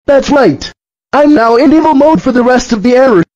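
Barney, a squeaky scolding dinosaur voiced by a man. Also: animated, moderate pace, a little mellow, faint music behind. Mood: furious. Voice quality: very high-pitched. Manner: scolding, threatening, repeating rules. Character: bossy scolding purple dinosaur, male. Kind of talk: fan cartoon voice acting. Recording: dull lo-fi audio.

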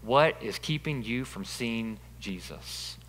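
Emphatic preacher, bright voice in a hall. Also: male voice, medium pitch, animated, slow. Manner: emphatic, repeats phrases, rising to loud peaks. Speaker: pastor. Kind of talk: sermon. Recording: long reverb of a large hall.

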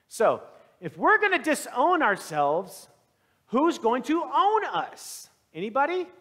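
High-voiced pastor preaching in reverberant church. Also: male voice. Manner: conversational, animated storytelling. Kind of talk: sermon.

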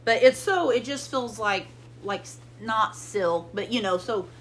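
A woman's voice: fairly high pitch, unhurried, a little hiss or hum. A middle-aged woman chatting casually through a shopping haul at home, rambling and easily amused. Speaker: vlogger showing a shopping haul.

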